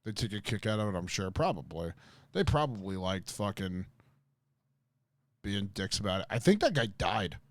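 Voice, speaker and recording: A man's voice: fairly low pitch, big pitch swings, normal speed, no room sound. A man livestreaming, telling a rambling story to his chat with lots of swearing, fillers and restarts.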